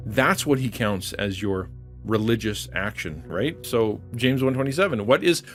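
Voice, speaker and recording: A man's voice: on the low side, lively intonation, moderate pace, faint music behind. A man preaching earnestly on a livestream, repeating phrases for emphasis. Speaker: online pastor. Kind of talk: livestream sermon.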